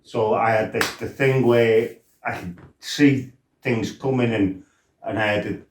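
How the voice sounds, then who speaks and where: A man's voice: mid-range voice, measured pace. A middle-aged man telling stories from his fighting past, swearing freely and acting out his own outbursts. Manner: swearing, animated, acts out his own shouting. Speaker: former fighter telling his life story. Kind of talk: casual storytelling. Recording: roomy, from a distance.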